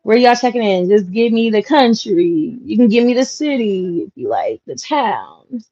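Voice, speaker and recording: A woman's voice: a little high, expressive, normal speed, warm tone, dry recording. A young woman hosting a casual livestream from home, chatting with viewers, reading their comments and laughing often. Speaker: livestream host. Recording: dull lo-fi livestream audio, dry.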